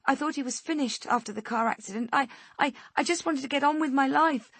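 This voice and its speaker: A woman's voice: fairly quick, fairly bright tone, no echo. A woman voicing a desperate mother who pleads frantically for her daughter. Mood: pleading. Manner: frantic, high-pitched pleading.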